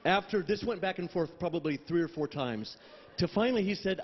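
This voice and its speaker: A man's voice: sits high, brisk. Man, mid voice, chatty and laughing, dull recording, long hall reverb, faint room noise. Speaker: memorial service host. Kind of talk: introducing speakers and telling an anecdote.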